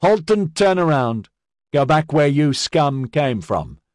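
A man's voice: a little high, steady tone, fairly quick, no room sound, clean studio sound, pitched above the performer's own voice, natural voice. A man voicing a blunt, brash male police sergeant who bellows his orders. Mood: commanding.

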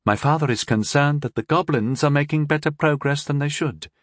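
A man's voice: fairly high pitch, a little fast, a bit bright, no echo, clean studio sound, voice pushed up, close to an everyday voice. A man doing a sly, scheming young princess. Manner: sly, condescending, drawling. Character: scheming sixteen-year-old princess, cold and tipsy. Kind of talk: audiobook character voice.

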